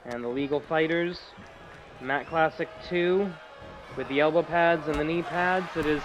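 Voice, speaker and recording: Excitable high-voiced male wrestling commentator. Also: moderate pace, muffled recording, music in the background. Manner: excitable, jokey asides. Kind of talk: play-by-play commentary. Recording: loud crowd and noise behind.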